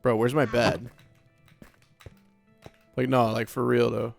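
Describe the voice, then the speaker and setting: A man's voice: medium pitch, flat delivery, takes it slowly, vocal fry, faint music behind. A man hosting a let's play, giving casual gameplay commentary in a chatty, nervous way as he talks to himself. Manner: chatty, nervous self-talk.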